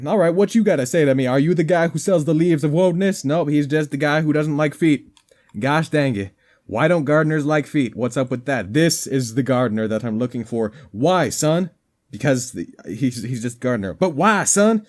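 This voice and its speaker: A man's voice: on the high side, a little fast, darkish tone. A man giving goofy, rambling commentary over a game, with a slightly worn voice. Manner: goofy, rambling, jokey asides. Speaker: gaming commentator.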